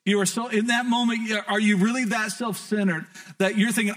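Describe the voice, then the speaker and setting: A middle-aged man preaching a sermon as a pastor, with animated delivery and stammering restarts. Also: high-pitched, a little fast, few pauses. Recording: voice from a distance.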